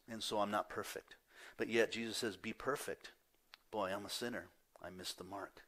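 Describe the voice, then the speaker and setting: A man preaching a sermon as pastor, moving between loud emphatic declarations and hushed, near-whispered lines, with confessional asides. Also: lowish voice. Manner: confessional, self-deprecating asides.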